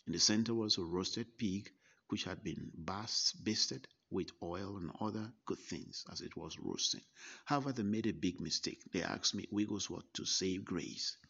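A man slowly recounting a personal story, first person. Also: low-pitched, gravelly, sharp tone, slightly rough. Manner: slow, deliberate recollection with quoted dialogue. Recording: dull lo-fi recording.

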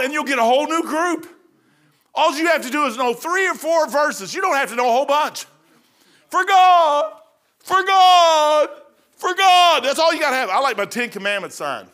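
Male preacher, middle-aged, from kentucky, folksy and chatty, high bright voice. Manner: folksy, conversational, says "man" often. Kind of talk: informal sermon.

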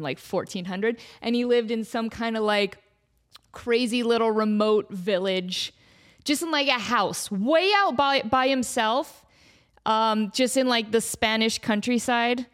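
A woman hosting a comedy podcast, rambling through a silly made-up story, laughing often and acting out bits. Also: fairly high pitch. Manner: animated, laughs often, acts out silly voices.

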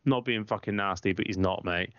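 A man's voice: fairly low pitch, a little fast, fairly bright tone, clear, resonant tone, no room sound. A man co-hosting a football podcast, ranting bluntly and swearing constantly in heated casual chat. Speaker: podcast co-host, football fan. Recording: dry, slightly muffled lo-fi sound.

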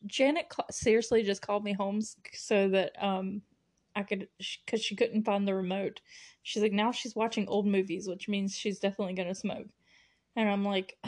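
A young woman hosting a solo podcast, recapping a TV episode in a rambling, giggly way with lots of fillers and restarts. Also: mid-range voice. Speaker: podcast host recapping a TV show. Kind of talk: casual solo recap chat.

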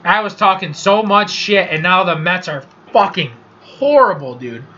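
High-pitched, bright-voiced sports ranting guy. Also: animated, normal speed. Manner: profane, rambling sports rant. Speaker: podcast host. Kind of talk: casual solo sports podcast. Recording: dull lo-fi recording.

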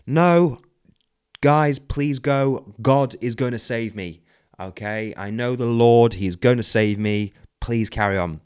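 A man's voice: mid-range voice, takes it slowly, darkish tone, clean tone, lightly acted. A man voicing a stubborn, devout drowning man who insistently refuses rescue. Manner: insistent, pleading.

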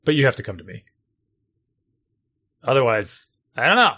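A middle-aged man in casual chat, a parent venting about homework in an exasperated, animated way. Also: mid-range voice, normal speed.

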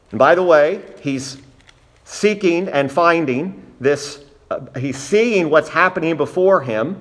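A male preacher delivering a verse-by-verse sermon with earnest emphasis. His voice sits a little higher than most men's. He reads the scripture aloud, then turns and presses its point home on his listeners. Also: expressive, measured pace. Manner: earnest, emphatic, addresses the congregation directly. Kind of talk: expository sermon.

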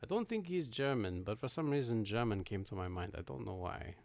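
Middle-aged male podcast co-host, low voice, easygoing and self-deprecating, loose rambling delivery. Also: lively intonation, fairly quick, creaky, darkish tone, no echo. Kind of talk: casual podcast chat.

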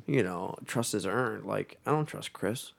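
A man's voice: on the low side, animated, unhurried, creaky. A man co-hosting a podcast in casual chat, swearing freely and restarting often. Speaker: podcast co-host.

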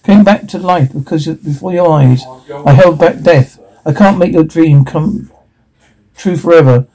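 A man's voice: fairly high pitch, normal speed, dark tone, rough recording. An actor playing an eccentric male time traveller in a film drama, speaking in an urgent, earnest way.

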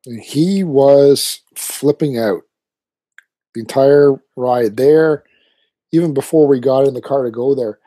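A man in his thirties chatting casually on a podcast, telling an animated story and acting out his kids' lines. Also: mid-range voice, takes it slowly, dry recording. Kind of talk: casual chat.

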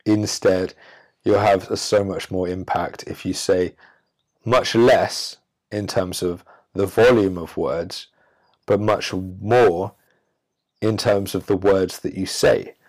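A man hosting a self-help podcast, speaking emphatically with drawn-out pauses and a preachy tone. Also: low voice, fairly even intonation, darkish tone. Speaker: podcast host. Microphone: audio-only recording.

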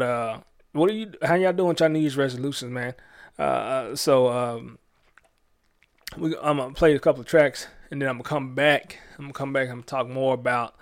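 A man hosting a radio show, talking about faith in a relaxed, slangy, conversational way with lots of fillers and restarts. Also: mid-range voice, clear, resonant tone. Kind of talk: casual faith talk on radio.

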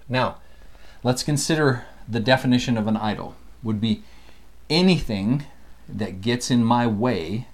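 Brief: man co-host, lively swooping delivery, playful scripture teacher. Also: fairly low pitch. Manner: animated, playful, laughs often. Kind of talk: casual scripture study chat.

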